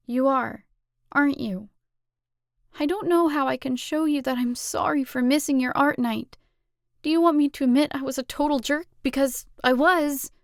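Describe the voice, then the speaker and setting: A woman doing a heartfelt teenage girl, pitched up and loud, pleading with her best friend in a storybook reading. Dry, close sound. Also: moderate pace, vocal fry, no echo. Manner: emphatic, pleading delivery.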